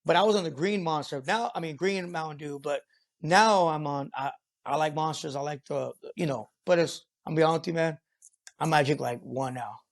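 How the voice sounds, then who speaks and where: A man's voice: on the high side, a little fast, gravelly. A man who works as a construction foreman, a podcast guest telling a work story in a rambling, profane way full of fillers. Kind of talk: casual storytelling interview.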